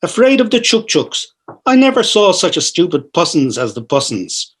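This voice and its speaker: A man voicing a gentle middle-aged husband who talks baby talk to his cat and speaks softly to his wife, in a storybook reading. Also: high-pitched, very animated, moderate pace, breathy edge, voice pushed up, exaggerated voice. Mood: teasing. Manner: fond, playful baby talk to a pet.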